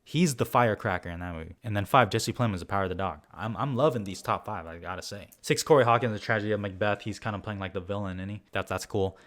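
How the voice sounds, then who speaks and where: A young man giving a casual, animated rundown of his film award predictions, swearing now and then and joking at his own expense. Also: on the low side, fast, hardly any pauses. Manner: casual, animated, swears, self-mocking asides. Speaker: film vlogger.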